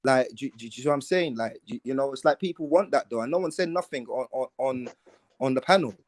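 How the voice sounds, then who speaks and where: A man's voice: medium pitch, fast, crowd noise. A man, rambling with lots of fillers and slang in a panel discussion.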